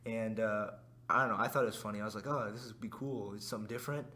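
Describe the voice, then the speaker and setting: A young man co-hosting a casual podcast, with a raspy voice that cracks, joking crudely and laughing often. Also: on the low side, steady tone, quick pace, bright, forceful tone. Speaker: podcast co-host. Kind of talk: casual chat.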